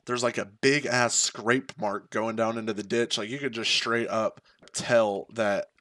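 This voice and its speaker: A man's voice: lowish voice, fairly even intonation, measured pace, sharp tone, no room sound. A young man casually telling a personal story, laid-back and profane, full of slang and fillers. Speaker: streamer.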